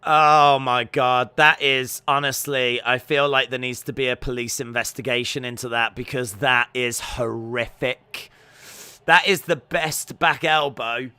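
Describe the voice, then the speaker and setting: A man hosting a live watch-along stream, reacting to fights with excited shouts and exclamations. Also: medium pitch, unhurried, clear, resonant tone.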